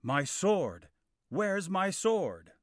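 A spoiled young knight barks orders in a raised, strained voice, as a male storyteller puts him on. He is bossy and impatient, and his pitch leaps about. The storybook reading sounds close and dry. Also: sing-song, unhurried, no echo. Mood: angry. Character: proud, hot-tempered young knight Kay.

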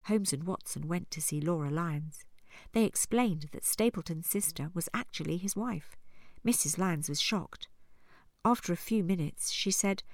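A woman narrates a story in a calm, measured way. Her voice sits on the lower side. The recording is dry and close, with no room sound. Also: dry recording. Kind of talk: scripted narration.

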